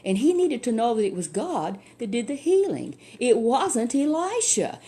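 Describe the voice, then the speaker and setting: A woman's voice: on the high side, big pitch swings, normal speed, warm tone, breathy edge. An older woman, a grandmother telling a Bible story to a child in a folksy, chatty way full of asides.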